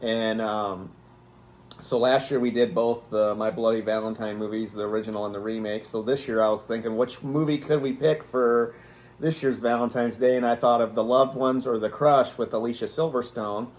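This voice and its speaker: A man's voice: medium pitch, fairly even intonation, moderate pace, a little mellow. A man co-hosting a horror movie review in casual chat, hesitant, with many ums and restarts as he explains.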